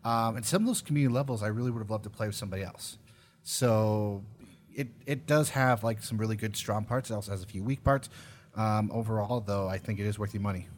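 A man's voice: lowish voice, fast. A man in a casual podcast chat, talking about a game he reviewed, easygoing and rambling with fillers. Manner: laid-back, rambling with fillers.

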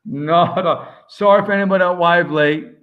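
A man's voice: high-pitched, fairly quick, slight background noise. An Australian man, a swim coach, chatting casually on a podcast and telling stories with plenty of "mate". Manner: lively storyteller, calls everyone mate. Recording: muffled lo-fi audio.

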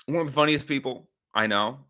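A man's voice: medium pitch, a little fast, sharp tone. A man hosting a podcast livestream, rambling casually with some swearing and reacting to chat comments. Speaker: podcast host.

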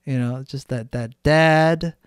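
A man's voice: medium pitch, slow pace, clear, resonant tone, no room sound, studio quality. A man hosting a solo podcast, talking bluntly and ranting with frequent swearing. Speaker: podcast host.

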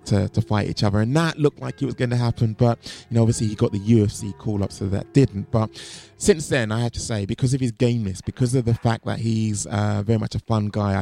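A man's voice: lowish voice, gravelly, mellow. A man co-hosting an MMA show, rambling through fight picks with many fillers and restarts. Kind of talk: casual fight-pick chat.

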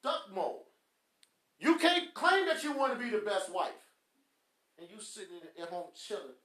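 High lively guy scolding ppl on his podcast, blunt and mocking. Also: normal speed. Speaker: podcast host. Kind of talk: preachy motivational rant. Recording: echoey room.

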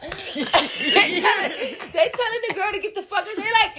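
A woman with a high voice tells a wild story on a casual podcast, talking in AAVE. She laughs often, swears freely and acts out everyone's lines. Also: lively intonation, normal speed, fairly bright tone. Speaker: podcast co-host.

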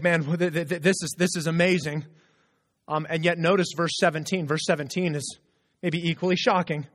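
High-voiced male pastor in a reverberant hall. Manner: earnest and animated, with stammered restarts. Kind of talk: sermon. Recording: long reverb of a large hall.

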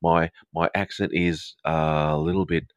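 This baritone speaker is a middle-aged counsellor from the north of England with a mixed Australian and southern English accent. His resonant, clear voice moves little in pitch at a moderate pace, recorded dry. He chats with live podcast listeners in a friendly, meandering way, full of ums and false starts.

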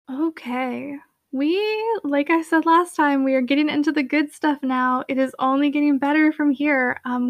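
Young woman, high voice, reads a novel aloud and chats eagerly about it. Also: no echo, studio quality. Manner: eager, chatty, many fillers in commentary. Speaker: audiobook reader and book commentator. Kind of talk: reading a novel aloud, then casual commentary.

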